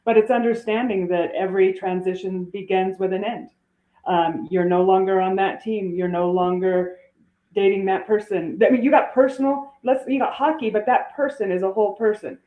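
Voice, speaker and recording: A woman's voice: mid-range voice, steady tone, normal speed. A woman guest on a podcast interview, explaining earnestly and often restarting her phrases. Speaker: guest author and coach. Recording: tinny phone-like line in an echoey room.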